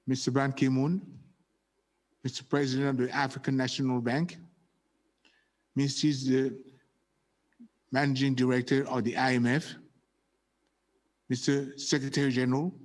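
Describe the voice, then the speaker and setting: A man from Gabon, a head of state, giving a formal prepared speech in a solemn, deliberate way. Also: medium pitch.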